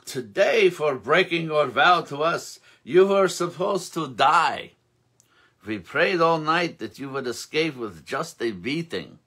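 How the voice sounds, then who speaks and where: A man's voice: on the high side, lively intonation, takes it slowly, sharp tone, husky, pitched above the performer's own voice, exaggerated voice. Man playing a stern hidden holy man. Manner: solemn warning in a put-on accent.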